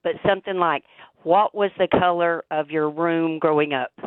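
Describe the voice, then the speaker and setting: A woman's voice: low voice, fairly even intonation, normal speed, no room sound. Female radio caller, chatty and earnest, dry phone-line sound. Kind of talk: phone call to radio show.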